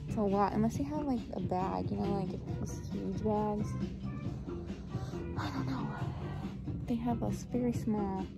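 A woman's voice: mid-range voice, gravelly. A young adult woman vlogging casually from her car, chatty and self-deprecating, often laughing at herself. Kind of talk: casual vlog chat. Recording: background music under voice.

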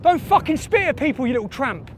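A man in a heated shouting and swearing confrontation in an outdoor car park. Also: very high-pitched, very animated, quick pace. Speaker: activist filming a confrontation.

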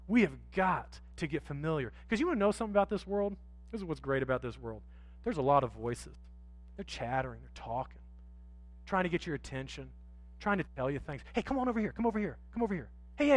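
A man preaching a sermon in church, swinging from quiet asides to loud, drawn-out emphasis and acting out voices of street sellers and pleading sinners. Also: high voice. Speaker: pastor. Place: church sanctuary.

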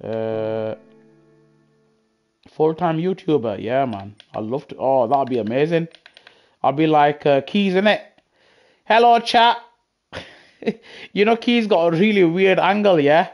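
Soft music plays as a British sim racer chats casually with his live chat, rambling and chuckling into his headset while he races. His voice is a little high and darkish, with a measured pace and long pauses.

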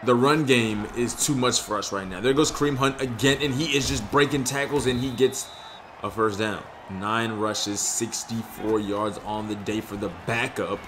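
A young man giving casual, slangy commentary on his own video game play, excitable and frustrated. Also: fairly low pitch, moderate pace, slight background noise. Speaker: gaming YouTuber.

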